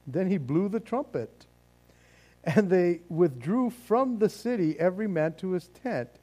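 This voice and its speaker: Male Bible teacher, high and very animated, laughs a lot, acts out the story.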